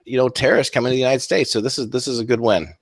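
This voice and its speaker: A man co-hosting a political talk radio show, talking in a steady but halting way with many fillers. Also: mid-range voice, no echo. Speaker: co-host.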